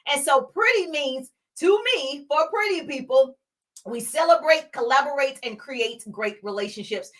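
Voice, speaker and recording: A woman's voice: high-pitched, lively intonation, measured pace, a bit bright. A woman with a Southern accent from Georgia hosting a live business Q&A stream, greeting viewers in a bubbly, sing-song way before teaching.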